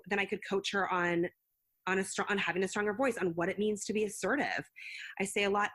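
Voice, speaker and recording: A woman's voice: mid-range voice, a bit bright, breathy edge. A woman, a school psychologist and counselor, answering interview questions in an earnest, explanatory way, often acting out what she says to children. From United States. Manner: earnest, explanatory, acts out parent-child quotes.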